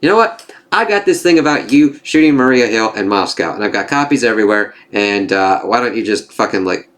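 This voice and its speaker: A man voicing a gruff middle-aged male spy chief who talks bluntly and swears. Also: lowish voice, animated, brisk, a bit bright. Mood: threatening. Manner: blunt, profane, dismissive.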